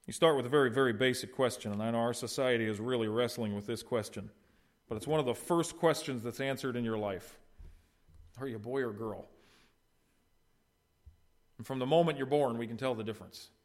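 A man's voice: medium pitch, fairly quick, long pauses. A middle-aged man preaching a sermon, addressing the congregation with rhetorical questions and short retold dialogue. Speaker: pastor.

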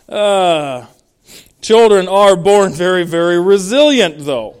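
A middle-aged man preaching a sermon, working through scripture verse by verse. His voice is smooth and resonant, pitched a little higher than most men's. He leans hard on the key words to drive each point home. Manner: expository preaching, reading verses and explaining them, emphatic in places. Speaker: pastor.

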